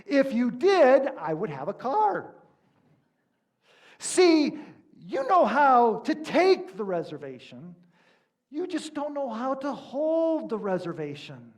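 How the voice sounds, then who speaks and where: A man's voice: sits high, very animated, normal speed, darkish tone. A man doing an exasperated comedian. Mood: agitated. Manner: agitated, insistent, rising emphasis. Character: exasperated male comedian complaining at a rental counter.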